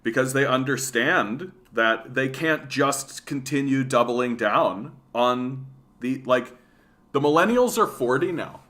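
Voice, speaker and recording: Canadian man, late thirties, livestream political rant, swearing, filler-heavy, mid-pitched voice. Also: slow pace. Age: 30s. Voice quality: profane, animated, lots of fillers.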